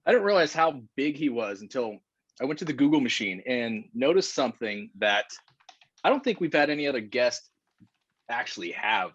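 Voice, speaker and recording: A man's voice: mid-range voice, big pitch swings, moderate pace, breathy edge, no room sound. A man co-hosting a podcast, joking and swearing, building to hyped announcer flourishes. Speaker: podcast co-host. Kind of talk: casual chat. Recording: dry dull lo-fi mic.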